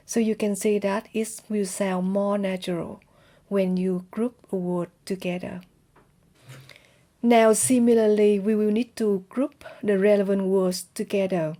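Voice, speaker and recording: A woman with a Vietnamese accent explains a language lesson at an unhurried pace, demonstrating each word with care. Her voice is mellow and relaxed, with a moderate pitch. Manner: careful, demonstrates words. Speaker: language teacher.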